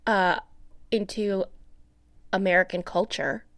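A woman co-hosting a podcast in casual chat, giggly and teasing with quick asides. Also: medium pitch, steady tone, a bit bright, no room sound. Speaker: podcast co-host.

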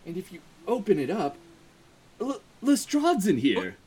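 A podcast co-host improvising a comedy scene in a hesitant, halting way. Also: medium pitch, huge pitch swings, a little mellow, a little hiss or hum. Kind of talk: casual improv chat.

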